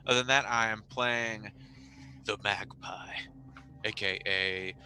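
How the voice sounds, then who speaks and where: A man's voice: fairly low pitch, steady tone, moderate pace, bright, forceful tone, a little hiss or hum, low-quality recording. A man casually introducing himself and his character before a tabletop game, joking and rambling as he goes. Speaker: player.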